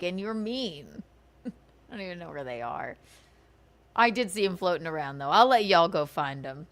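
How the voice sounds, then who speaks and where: Slow, lively-voiced woman ranting. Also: mid-range voice. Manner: sarcastic, swearing, giggly. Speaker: livestream host. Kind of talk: casual livestream rant.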